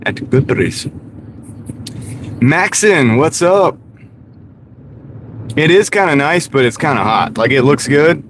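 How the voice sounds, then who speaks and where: A man chats with his live viewers from the driver's seat in an unhurried, drawn-out way, joking at his own expense. Steady car road noise hums under his ordinary mid-range voice. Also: on the high side. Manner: joking, self-mocking, talks to chat by name. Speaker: gig delivery driver streaming live. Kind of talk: casual live-stream chat while driving. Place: inside a car.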